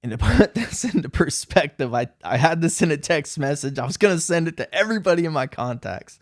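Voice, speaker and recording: A man talking casually to camera in a vlog, laughing at himself and telling a story in an animated, self-mocking way. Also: a little high, fairly quick, no echo, studio quality. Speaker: vlogger.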